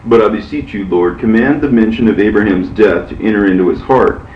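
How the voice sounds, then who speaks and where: A man reading the part of a reverent, pleading archangel in a measured, solemn way, heard from far off in an echoey space. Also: lowish voice, muffled recording, slight background noise, close to an everyday voice.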